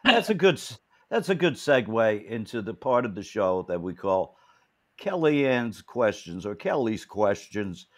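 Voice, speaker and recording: Lively rambling man hosting. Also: lowish voice, unhurried. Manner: rambling, joking, stumbling restarts. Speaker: host. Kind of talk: casual chat.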